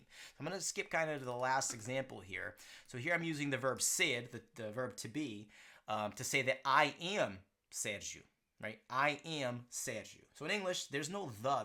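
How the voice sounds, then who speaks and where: A man's voice: medium pitch, sharp tone. A man teaching a language lesson, explaining grammar and often checking in with "right?" and "okay". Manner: slows down to model pronunciation.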